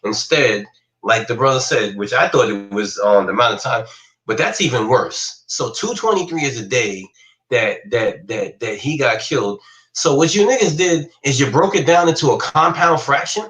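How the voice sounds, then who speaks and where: A man chatting on a live stream, his pitch moving a lot as he talks. He sounds incredulous and laughs often. His voice sits at a middle pitch. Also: animated, normal speed, fairly bright tone, roomy sound, low-quality recording. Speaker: livestream panelist. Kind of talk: casual discussion.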